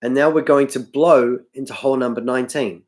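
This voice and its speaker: The recording is very noisy as a man with a steady, medium-pitched voice talks a little fast through a livestream harmonica lesson. Exhausted and hoarse, he rambles and keeps correcting himself in an apologetic way, harmonica audible in the background.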